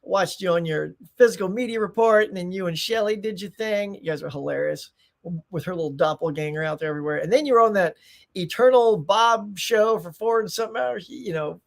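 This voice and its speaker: High, brisk, and creaky, this middle-aged man from the United States runs a live stream with relaxed, rambling talk. He reads out comments from viewers and drops in playful side remarks.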